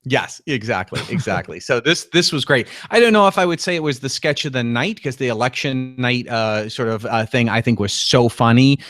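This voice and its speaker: A man's voice: mid-range voice, expressive, normal speed, few pauses, a bit bright, dry recording, studio quality. A man co-hosting a TV recap podcast, chatting casually and enthusiastically, often acting out lines he quotes. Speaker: podcast co-host.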